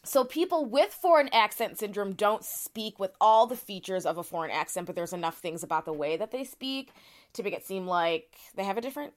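A woman's voice: mid-range voice, lively intonation, brisk. A woman co-hosting a podcast, explaining cases in a casual, chatty way with plenty of fillers and restarts. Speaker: podcast co-host.

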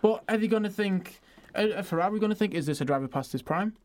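A man's voice: sits high, expressive, fast talker, a little mellow. A man co-hosting a casual sports podcast, teasing and joking with his partner. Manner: teasing, jokey. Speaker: podcast co-host. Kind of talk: casual chat.

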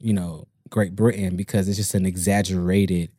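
A man's voice: low-pitched, little pitch movement, normal speed, warm tone, no room sound, studio quality. A man co-hosting a comedy podcast, teasing bluntly with plenty of swearing. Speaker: podcast co-host. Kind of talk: casual comedic chat.

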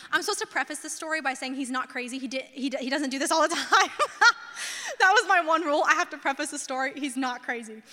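A young woman pastor tells a story in a sermon, her voice high and bright. She talks in a chatty, casual way, full of fillers, and acts out the people in her story. The sound carries a long reverb from a large hall.

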